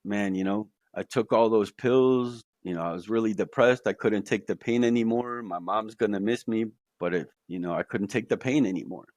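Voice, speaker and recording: A man's voice: lowish voice, normal speed, few pauses, darkish tone, no echo, studio quality, lightly acted. A man voicing a despairing teenage boy with a Midwestern accent, mumbling to himself in a subdued way.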